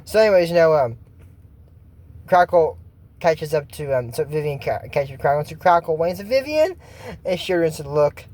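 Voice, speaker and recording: A man's voice: on the high side, normal speed. A man casually recapping a cartoon episode, rambling with many fillers and joking asides. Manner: rambling, filler-heavy, excitable, jokey asides. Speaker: YouTube cartoon commentator.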